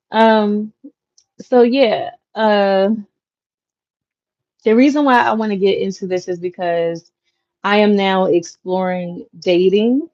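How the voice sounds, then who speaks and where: A woman in her thirties hosting her own channel, chatting casually with viewers in a relaxed, slangy way with lots of fillers. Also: medium pitch, takes it slowly. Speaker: content creator, channel host. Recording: dull lo-fi audio. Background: clacking noise.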